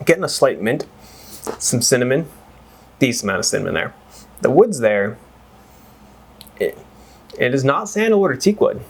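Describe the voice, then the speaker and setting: A man's voice: medium pitch, big pitch swings, moderate pace, long pauses, breathy edge. A man reviewing whiskey in a casual, rambling chat that wanders off on tangents and is full of exclamations. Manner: exclaims and swears freely.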